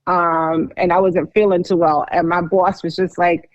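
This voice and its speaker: A woman's voice: fairly low pitch, little pitch movement, normal speed, no room sound, dull audio. A woman co-hosting a podcast, telling her own story in a candid, chatty way. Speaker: podcast co-host.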